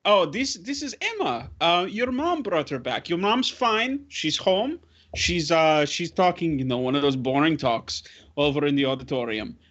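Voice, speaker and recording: Man doing a big gentle guy, soft, coaxing, reassuring, muffled audio. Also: fairly high pitch, animated, moderate pace, voice pushed up. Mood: cheerful. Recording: slightly dull lo-fi audio.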